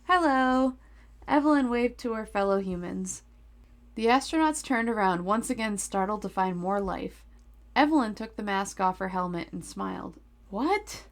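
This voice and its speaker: A woman hosting a podcast, reading a children's story aloud into a desk microphone. Her voice has a gravelly edge, and she breaks off into playful, teasing asides. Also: mid-range voice, normal speed.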